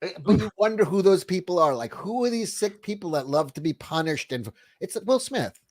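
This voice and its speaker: A man's voice: sits high, a little fast, dry recording. A man hosting a casual livestream chat, swearing a lot and laughing as he talks. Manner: profane, animated, laughing often. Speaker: podcast host.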